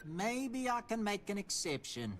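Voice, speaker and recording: A man's voice: high voice, sing-song, unhurried, over music. A man voicing a friendly, principled shopkeeper in a video game, chatty and wry. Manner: chatty, wry and good-natured.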